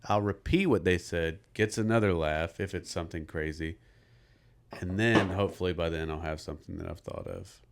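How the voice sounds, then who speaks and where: A man with a very deep, low voice, chatting casually on a comedy podcast. He tells rambling stage stories and fills them with "like" as he goes. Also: moderate pace, very noisy. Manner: rambling anecdotes, lots of "like". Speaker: podcast co-host and stand-up comic. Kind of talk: casual chat.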